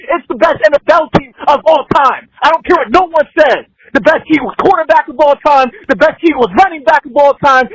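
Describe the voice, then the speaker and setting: Furious shouting male sports caller. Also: very high voice, no room sound, low-quality recording. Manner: shouting, furious, profane ranting. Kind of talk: angry sports call-in rant.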